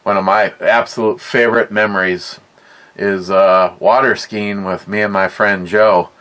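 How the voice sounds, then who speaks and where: A man's voice: lowish voice, fairly even intonation, measured pace, fairly bright tone. A middle-aged man telling a rambling, profane story in a casual way, often repeating his words. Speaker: podcast host.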